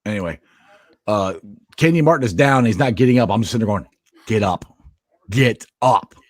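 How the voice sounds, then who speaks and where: A man's voice: fairly low pitch, quick pace, dry recording, studio quality. A man hosting a casual sports watch party stream, telling fan stories with lots of restarts and swearing. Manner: animated storytelling, swears and laughs, restarts often.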